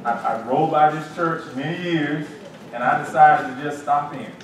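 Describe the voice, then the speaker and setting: A man, a pastor, leading a Bible study and teaching in an animated, lively way with acted-out asides. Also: a little high, moderate pace. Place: church sanctuary. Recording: echoey room, distant mic, faint hiss.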